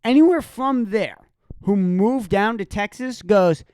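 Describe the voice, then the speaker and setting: A woman's voice: mid-range voice, a little slow, warm tone. A woman hosting a solo podcast, ranting in a heated, sarcastic and profane way. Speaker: podcast host.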